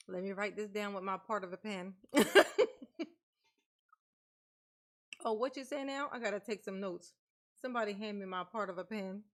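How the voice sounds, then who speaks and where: A woman vlogger in casual chat, playfully mocking and laughing, calling herself Mama. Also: medium pitch. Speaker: commentary channel host.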